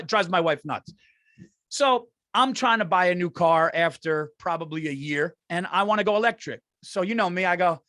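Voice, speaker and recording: A man's voice: fairly high pitch, a bit bright, dry recording, clean studio sound. A man, a comedian co-hosting a podcast, telling rambling profane stories in casual chat, saying dude constantly. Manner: rambling, profane, says dude a lot, restarts.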